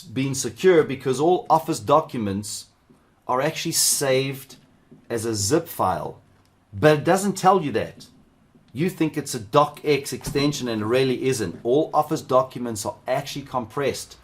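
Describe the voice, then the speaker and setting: A middle-aged man from South Africa leading a live cybersecurity workshop, chatting loosely with viewers and wandering into asides as he teaches. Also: fairly high pitch. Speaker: cybersecurity instructor.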